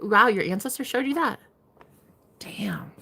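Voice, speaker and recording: A woman's voice: fairly high pitch, big pitch swings, unhurried, pushed and bright, slight background noise. A young woman giving live-stream tarot readings, chatting casually, swearing freely and laughing often. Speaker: tarot reader.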